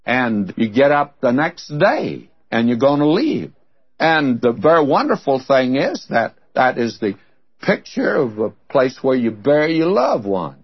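A man's voice: medium pitch, husky, no room sound. An older man preaching a sermon, telling stories and stressing key words. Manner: storytelling, emphatic on key words. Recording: muffled lo-fi sermon recording.

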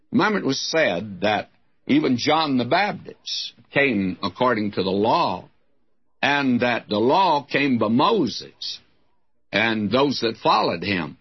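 A man preaching a verse-by-verse sermon. He talks slowly, with a lively pitch that rises on key points. He reads scripture with emphasis and adds folksy asides, and the recording is a dull, muffled radio-style one. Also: slightly rough. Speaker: Bible teacher. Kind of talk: expository sermon.

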